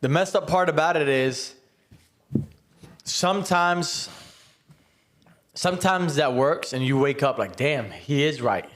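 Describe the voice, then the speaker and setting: A man's voice: on the high side, slow, pauses often, a bit bright. A man on a casual podcast speaking frankly and confessionally, filling his talk with "like" and "honestly.". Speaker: podcast co-host.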